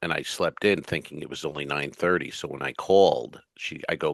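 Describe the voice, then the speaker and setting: A man co-hosting a comedy podcast, telling profane, animated stories in casual chat. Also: a bass voice, a little fast, gravelly, few pauses, no room sound.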